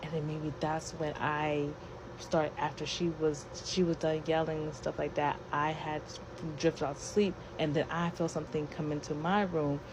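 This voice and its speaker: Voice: mid-range voice, little pitch movement, normal speed, noisy background. A person earnestly telling a personal spooky story in a casual way, repeating words.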